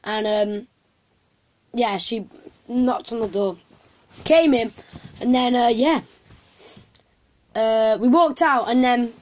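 A woman's voice: fairly high pitch, slow, long pauses, darkish tone. A woman, casually telling a story to camera in a rambling way with lots of fillers and restarts.

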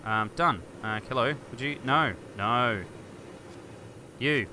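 A man hosting a game video, thinking aloud and getting excited as he chats to objects on screen. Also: mid-range voice, takes it slowly, a little hiss or hum. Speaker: gaming video host. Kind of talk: let's play commentary.

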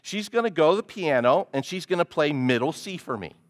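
Animated male pastor preaching. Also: a little high, brisk. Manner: animated, asks the congregation questions. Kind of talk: sermon.

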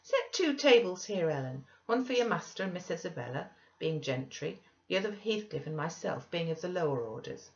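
A woman voicing an impetuous, excitable young mistress who talks breathlessly and eagerly. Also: fairly low pitch, a little fast, vocal fry, hardly any pauses. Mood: coaxing. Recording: dull lo-fi recording.

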